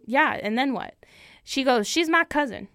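A woman's voice: high-pitched, expressive, normal speed, vocal fry, a bit bright, dry recording, studio quality, heavily acted. A woman playing a folksy heartbroken cowboy. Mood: indignant folksy. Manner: folksy, repeats phrases for emphasis. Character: heartbroken male lone cowboy rancher, proud. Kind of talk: improvised comic storytelling.

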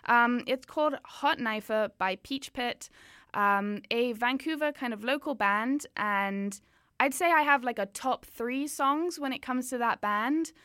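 A woman hosts a casual radio show, drifting between English and French and leaning on filler sounds as she chats. Her voice sits a bit high and comes through smooth and resonant. The studio sound is dry and close. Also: unhurried, fairly bright tone, dry recording. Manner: switches between English and French mid-sentence; chatty, with frequent filler sounds. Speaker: radio host.

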